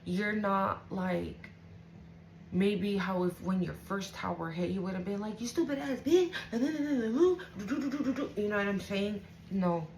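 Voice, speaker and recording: A woman with a medium-pitched, slightly mellow voice gives an intuitive tarot reading to her viewers, speaking slowly over a rough recording with a little hiss or hum. She's casual and emotional, swears freely, and keeps checking in with "right?".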